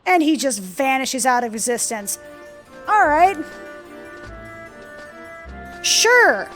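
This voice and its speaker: A woman's voice: high-pitched, very animated, takes it slowly, fairly bright tone, soft background music. Irreverent, joking woman gamer. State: tired, sore throat. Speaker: let's play gamer. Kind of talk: casual gameplay commentary.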